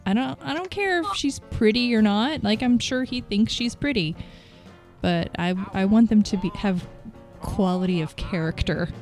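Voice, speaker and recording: A woman in her thirties co-hosting a casual chat, relaxed and rambling, laughing often. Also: medium pitch, normal speed, soft background music. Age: 30s. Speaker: podcast co-host.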